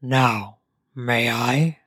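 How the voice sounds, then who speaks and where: A dazed, besotted man, put on by a woman narrator, speaks in a very low, slow drawl for an erotic audio story. His words come out dreamy and offhand, as if he were in a trance. The recording is close and dry. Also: fairly bright tone, slightly rough, dry recording, full character voice. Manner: dreamy, nonchalant, lulled. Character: dazed, infatuated adult man.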